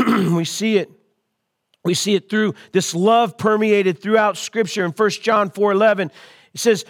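A man preaching a sermon as pastor, calling out to his congregation and swelling louder on key lines. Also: sits high, unhurried. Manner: call-and-response preaching to an online congregation.

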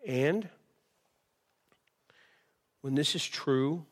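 A man preaches to his congregation in a slightly high voice. He is impassioned, repeating himself and circling back as he builds each point. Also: extremely slow. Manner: impassioned preaching with repetitions and restarts. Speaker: pastor. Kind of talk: sermon. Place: church service.

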